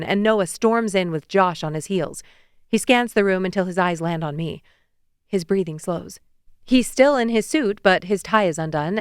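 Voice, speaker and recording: Smooth, lower-voiced woman narrating romance. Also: no echo, studio quality. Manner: lively, wry storytelling. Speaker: audiobook narrator. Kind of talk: first-person romance audiobook narration. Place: studio booth. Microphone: close studio mic.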